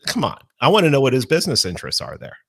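A man's voice: medium pitch, huge pitch swings, rapid-fire, creaky, a bit bright, husky. A man co-hosting a casual political podcast, asking pointed questions and laughing often between remarks. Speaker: podcast co-host.

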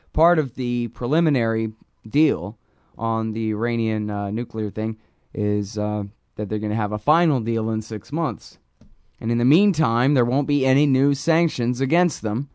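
A man's voice: medium pitch, clean tone, dry recording, studio quality. A man hosting a news commentary show, reading quotes and riffing casually with lots of fillers. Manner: casual, rambling, many fillers; reads quotes aloud.

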